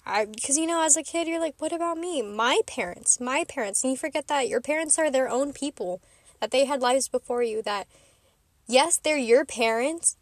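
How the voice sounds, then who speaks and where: A woman with a high, bright-pitched voice talks straight to camera from inside her car. She rambles in a casual, chatty way, giggling and poking fun at herself. The sound is close and dry, with no room echo. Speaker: vlogger host. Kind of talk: casual vlog chat.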